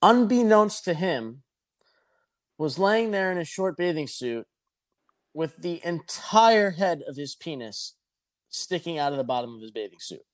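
A man's voice: on the high side, big pitch swings, a little slow. A man telling a rambling, profane anecdote in a casual chat. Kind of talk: casual storytelling.

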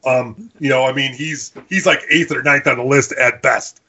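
Husky man rambling about films. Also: mid-range voice, moderate pace, lo-fi sound. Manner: rambling, animated, many restarts and asides. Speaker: podcast co-host. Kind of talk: casual movie discussion.

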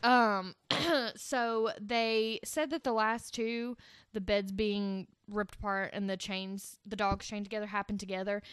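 A woman's voice: medium pitch, fairly even intonation, unhurried, fairly bright tone, smooth, dry recording, clean studio sound. A woman hosting a casual podcast, telling a scary story with swearing and joking asides. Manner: swears freely, jokey asides.

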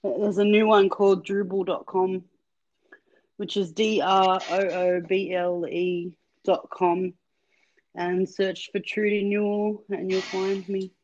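A woman's voice: mid-range voice, level tone, slow, darkish tone. A woman hosting a casual chat over a call, friendly and encouraging. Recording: lo-fi call audio.

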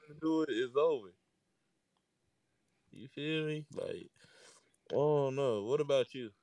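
A man's voice: mid-range voice, unhurried, darkish tone, no room sound, recorded from a distance. A young man co-hosting a casual podcast, talking in a laid-back slangy way with lots of fillers. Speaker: podcast co-host.

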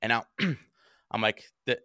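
A young man co-hosting a podcast, telling a story in casual chat, animated and swearing often as he acts out what people said. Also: mid-range voice, slow pace, clean tone, no room sound, studio quality. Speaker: podcast co-host.

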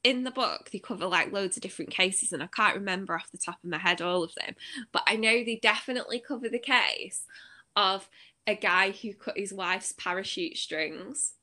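Bright-voiced woman with a Manchester twang. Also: mid-range voice, normal speed. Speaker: podcast co-host. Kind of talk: casual chat.

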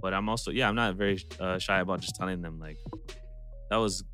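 A man's voice: low voice, fast, bright, forceful tone. A man who works as a music producer and engineer, talking casually, laughing often and acting out what artists say. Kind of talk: casual podcast chat.

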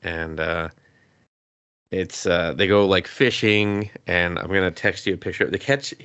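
A man's voice: low voice, fairly even intonation, a little slow, a bit bright, clear, resonant tone, no room sound, dull audio. A man casually recapping an anime on a podcast, laughing often and swearing freely. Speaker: podcast co-host.

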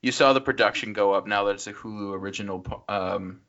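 A man's voice: lowish voice, fast, fairly bright tone, lo-fi sound. A man co-hosting a podcast, chatting casually about films, rambling defensively with lots of likes. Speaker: podcast co-host. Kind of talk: casual film review chat.

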